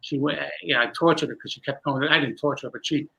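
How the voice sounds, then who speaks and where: A man, a magician guest, telling a long animated story with many restarts in a candid interview. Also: a little high, quick pace, creaky, lo-fi sound.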